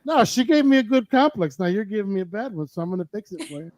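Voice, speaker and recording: A man's voice: sits high, big pitch swings, fairly quick, a little mellow, dry recording, rough recording. A man hosting a live radio stream, chatting casually and joking over a video call. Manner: loose, joking, swears casually. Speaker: radio show host.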